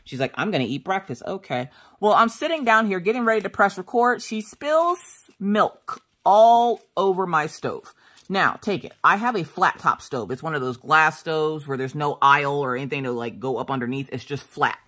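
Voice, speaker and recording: A woman's voice: low voice, normal speed. A woman vlogging about her crafts in casual chat, telling stories with lots of laughter and acting out what people said. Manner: animated storyteller, laughs often, acts out dialogue.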